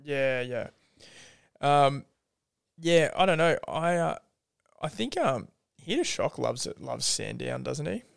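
A man's voice: a little high, expressive, takes it slowly, gravelly, long pauses, smooth. An Australian man co-hosting a casual racing podcast, asking short questions and answering with hesitant fillers. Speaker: podcast co-host. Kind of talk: casual racing tips chat.

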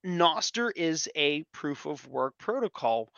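A man in casual podcast chat, telling stories in an animated way, repeating words and swearing now and then. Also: fairly high pitch, slow, vocal fry, no room sound, muffled recording. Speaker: podcast guest.

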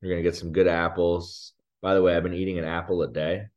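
A podcast co-host with a low, level-toned, slightly mellow voice talks fast in a casual chat, the audio missing its highs. He tells a meandering story at his own expense and laughs at himself.

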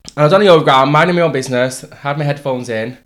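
A man's voice: on the high side, quick pace, a bit bright. A young man telling stories in a casual chat, laughing often and swearing.

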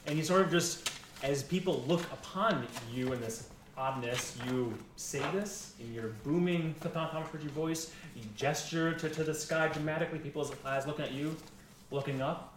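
A man narrating as game master in a rambling, lively way with many restarts. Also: fairly high pitch, normal speed, background noise. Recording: echoey room, mic far off.

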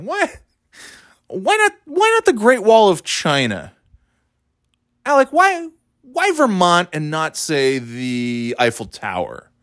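A man's voice: on the high side, a bit bright, dry recording, clean studio sound, pitched above the performer's own voice, full character voice. A man doing a whiny, nosy reporter. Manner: drawn-out, whiny questioning. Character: nosy whiny reporter asking silly questions.

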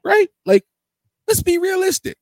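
A man hosting a casual podcast, who tells rambling, animated stories and steers the conversation. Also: very high voice, measured pace, creaky, no echo. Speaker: podcast host.

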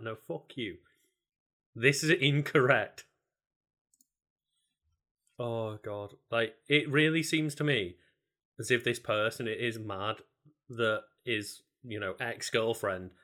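A man's voice: lowish voice, a bit bright. A man co-hosting a podcast in casual chat, reacting with disbelief and plenty of swearing. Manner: incredulous reactions, heavy swearing. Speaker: podcast co-host.

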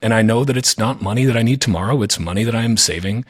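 A man's voice: lowish voice, fast, slightly rough. A man hosting a podcast, talking in an earnest, reflective way with frequent restarts in casual conversation. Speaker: podcast host.

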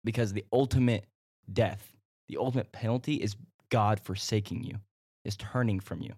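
A man co-hosting a casual Christian podcast, speaking reflectively and softly. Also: fairly low pitch, moderate pace, breathy edge, no echo, clean studio sound. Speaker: podcast co-host.

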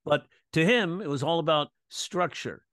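A man's voice: a little high, normal speed, no room sound. Comedian guy spinning stories, does all the voices, dead dry mic. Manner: animated, acts out quoted voices. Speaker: comedian and comedy coach, guest. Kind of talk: casual storytelling chat.

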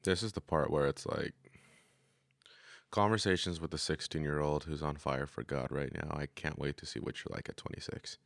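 A man's voice: rumbling low, fairly even intonation, normal speed, gravelly, no echo, studio quality. A young man hosting a faith podcast in a laid-back, rambling way, full of slang and fillers. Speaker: podcast host. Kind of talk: casual podcast chat.

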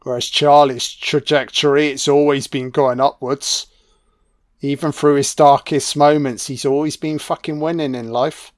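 Speaking unhurriedly in a steady, slightly high voice, a male film critic rants in audio only, mocking and sarcastic, cursing heavily. There's no room sound at all on his dead-dry mic.

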